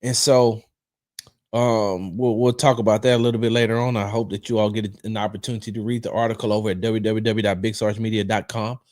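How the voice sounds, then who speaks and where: A man hosting a casual football fan show from home, swinging between loud bursts and quiet asides. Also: fairly low pitch, little pitch movement, fairly quick. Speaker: sports podcast host. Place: home room.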